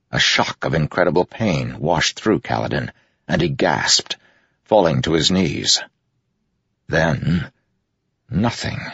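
A man narrating a fantasy audiobook in a measured, dramatic reading. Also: extremely low pitch, creaky, a bit bright, breathy edge, no room sound, lo-fi sound. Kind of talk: scripted narration.

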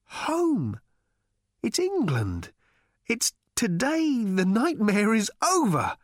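A frazzled, homesick man, as a narrator puts him on, with a high, wavering, breathy voice that lifts well above a plain speaking tone. He sounds easily flustered, with plaintive, emotional exclamations. The audiobook reading is dry and close, with lively swings in pitch. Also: slow pace, no room sound, exaggerated voice. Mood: wistful. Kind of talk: audiobook character voice.

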